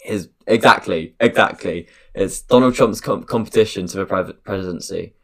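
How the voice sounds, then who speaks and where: A man's voice: low-pitched, normal speed, breathy edge. A young man hosting a casual podcast, rambling and hesitant with lots of fillers and laughs. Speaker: podcast host. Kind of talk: casual chat.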